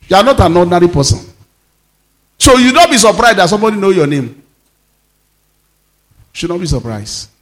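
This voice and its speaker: A pastor delivers a sermon in a high voice. His pitch swoops widely, and he swings between shouts and low, emphatic lines. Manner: animated preaching, sudden shouts and drops to low emphatic tones.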